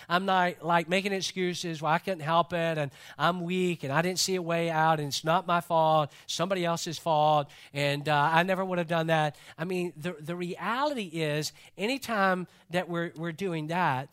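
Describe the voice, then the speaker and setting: A man's voice: high voice, fairly bright tone. A male pastor preaching a sermon in a church service, talking conversationally and joking with the congregation.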